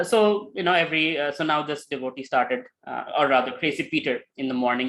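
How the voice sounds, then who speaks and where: Animated male storyteller on scripture. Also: on the high side, rough recording. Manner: animated, with many fillers and acted quotes. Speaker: spiritual teacher.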